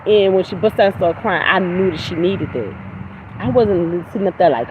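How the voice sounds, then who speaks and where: A middle-aged woman running a livestream delivers a casual, preachy monologue about energy, God and the people she won't put up with, blunt and emphatic with spiritual talk and some swearing. Her fairly low voice is expressive at a moderate pace; the highs are cut off and there's background noise.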